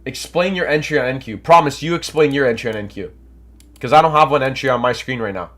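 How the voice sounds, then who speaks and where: A young man from Canada runs a trading livestream, fast and at medium pitch, reading viewer comments and coaching in an energetic, hyped, casual manner. Allergies leave his nose stuffed up.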